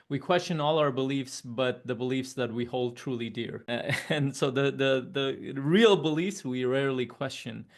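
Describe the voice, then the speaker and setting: A man giving a casual storytelling monologue, reflective and halting, with frequent restarts. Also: medium pitch. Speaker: speaker.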